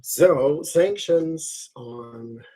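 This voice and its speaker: Slow husky man reading tarot cards. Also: a little high, expressive, mellow. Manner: slow, conversational, fussing asides and laughs. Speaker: tarot reader. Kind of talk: live tarot reading with rants.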